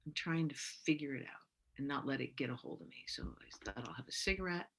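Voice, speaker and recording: A woman's voice: very deep voice, expressive, a little fast, gravelly, slightly rough, heavily acted. A woman improvising an evasive, overthinking computer scientist who rambles and trails off, on a live stage. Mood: brooding. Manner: rambling, trails off, many fillers. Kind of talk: live improvised romantic comedy scene. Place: theatre stage.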